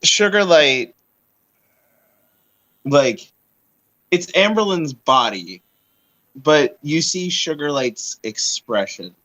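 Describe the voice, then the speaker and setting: A man's voice: a little high, lively intonation, bright, forceful tone, rough recording. A man playing a tabletop game, describing his character's actions in a descriptive way. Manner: slow, descriptive. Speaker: player.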